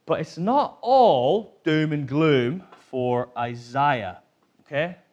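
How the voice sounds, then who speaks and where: Animated male preacher, slightly husky. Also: fairly high pitch, slow pace, muffled recording. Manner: animated and conversational, asks the congregation questions. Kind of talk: sermon. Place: church hall.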